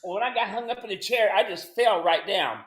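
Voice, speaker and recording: A man's voice: sits high, fairly quick, a bit bright. A man who owns a ranch, talking casually as a regular guest on a video call, telling stories in an easygoing, plain-spoken way. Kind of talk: casual conversation. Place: room at home with windows. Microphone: computer over a video call. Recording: roomy echo with faint music.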